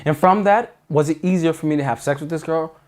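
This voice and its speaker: A man's voice: on the high side, a little fast, a little mellow. A man giving dating advice in an earnest, emphatic monologue, often restarting sentences. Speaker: dating coach.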